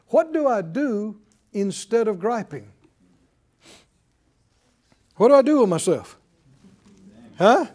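A man preaching with a high, very lively voice that swoops up and down. He throws rhetorical questions at the congregation and acts out grumbling voices to make his point. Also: takes it slowly, long pauses. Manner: animated, rhetorical questions and acted-out complaining. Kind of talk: sermon.

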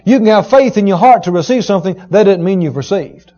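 A man preaching a sermon, retelling a story with emphatic, dramatic rising shouts. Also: high voice, animated, fairly quick. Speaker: pastor. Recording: dull lo-fi sermon recording.

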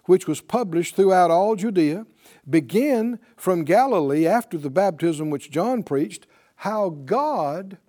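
A man's voice: high-pitched, darkish tone. A man teaching a Bible class to students who answer him, speaking emphatically and quizzing them with questions.

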